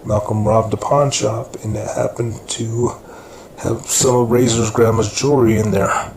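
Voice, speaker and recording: A man's voice: mid-range voice, steady tone, a little slow, creaky, a little mellow. A man voicing a nervous stranger who stammers while passing on gossip. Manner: hesitant, full of uh's. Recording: echoey room with background noise.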